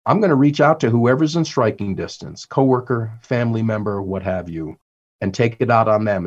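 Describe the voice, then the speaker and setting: A man's voice: on the low side, a little fast, a little mellow, lo-fi sound. A man, an author and workplace trainer, talking as a podcast guest who acts out the lines he quotes.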